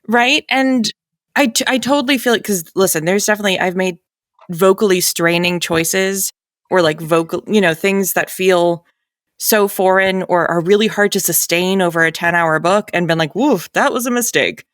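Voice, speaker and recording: A woman's voice: fairly low pitch, normal speed, dry recording, clean studio sound. A woman audiobook narrator from New England with a light New England accent, chatting casually on a panel with many fillers and frequent laughs.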